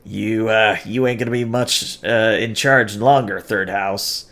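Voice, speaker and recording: A sneering male alien thug with a cocky, slangy drawl, played by a man running the game. His voice sits low. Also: steady tone, measured pace, fairly bright tone.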